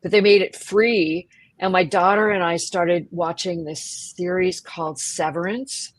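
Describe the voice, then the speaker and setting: A woman's voice: on the low side, steady tone, measured pace, no echo. A woman in casual podcast chat, laughing easily and searching for words as she talks.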